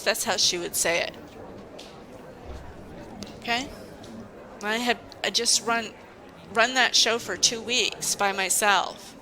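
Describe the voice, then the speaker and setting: A woman's voice: medium pitch, takes it slowly, long pauses, sharp tone, low-quality recording. A woman who works at a university, venting in a casual vlog and telling her story in an indignant, emphatic way. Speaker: university staff member.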